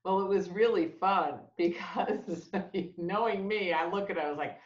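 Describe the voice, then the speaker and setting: A woman's voice: on the low side, moderate pace, few pauses, reverberant, highs cut off. A woman hosting a casual webinar chat, playful and laughing as she acts out quoted voices. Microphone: video call.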